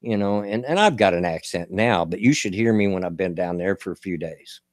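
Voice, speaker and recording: A man's voice: low voice, animated, fairly quick, no room sound, clean studio sound. A middle-aged man from Kentucky with a Southern accent, hosting a casual political chat show in a folksy way, often stumbling over repeated words. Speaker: show host.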